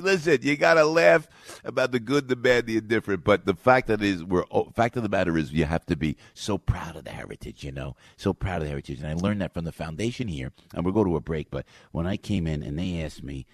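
A man hosting a radio talk show, telling animated stories and slipping into playful character voices. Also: sits low, creaky, dry recording, studio quality. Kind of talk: casual storytelling chat.

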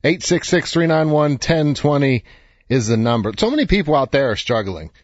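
A man's voice: a little high, lively intonation, moderate pace, dry recording, dull audio. A man around fifty, an author giving an earnest, encouraging motivational talk with loose fillers. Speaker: author and speaker. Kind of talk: motivational direct-to-camera talk.

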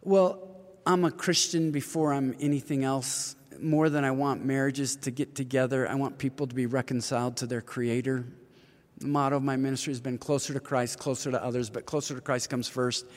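A man's voice: medium pitch, steady tone, brisk, big-room sound. A man in his fifties, an author and ministry leader, talking earnestly in an interview and telling stories. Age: 50s. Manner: earnest storyteller, acts out quoted voices. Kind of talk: interview conversation.

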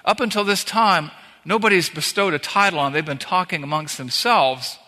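A man's voice: high voice, normal speed, sharp tone. A man preaching a sermon in a conversational way, walking through scripture verse by verse with punchy repetitions. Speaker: pastor. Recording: long reverb of a large hall.

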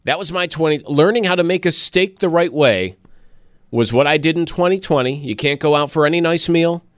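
A man's voice: a little fast, no echo, studio quality. A man hosting a casual radio show, chatting and laughing as he reads listener messages. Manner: chatty, laughing, wide pitch swings. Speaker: radio host.

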